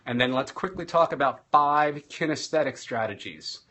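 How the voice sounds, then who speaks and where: A man who is a teacher and speaking coach, giving an energetic live-streamed teaching talk and varying his loudness and pace for emphasis. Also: mid-range voice, normal speed.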